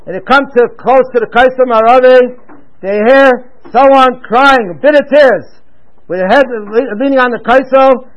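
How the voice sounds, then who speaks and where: High male voice, rambling religious storyteller, muffled lo-fi radio quality. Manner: rambling, with many restarts and Hebrew-Yiddish terms. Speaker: storyteller giving a religious talk. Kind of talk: loosely told religious story.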